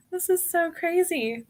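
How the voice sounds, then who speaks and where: An American woman hosts a live tarot reading stream and talks straight to her viewers. Her voice sits a touch higher than most. She is casual and apologetic, laughs often, and calls people hon while working through her list. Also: fairly bright tone.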